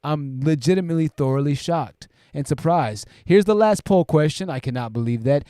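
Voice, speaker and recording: A man with a fairly high speaking voice hosts a live stream, reading out viewer comments and riffing on them. He talks loosely and conversationally, checks in with "right?" and often restarts his sentences. The sound is close and dry, with no room around it. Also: moderate pace, mellow, clear, resonant tone, no echo. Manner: conversational, keeps asking "right?"; self-interrupting restarts, repeats phrases. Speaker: livestream host.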